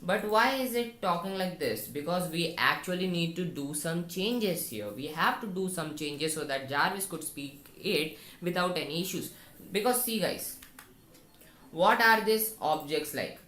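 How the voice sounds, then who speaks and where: A woman's voice: lowish voice, a bit bright. A woman teaching a coding tutorial, thinking aloud and talking viewers through each step of the code. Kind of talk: screen-recorded coding tutorial. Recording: echoey room with faint noise and keyboard typing.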